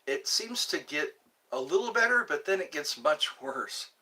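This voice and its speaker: A man's voice: fairly high pitch, very animated, a little slow, pushed and bright. A man hosting a live stream, chatting casually and rambling between musings and viewer comments.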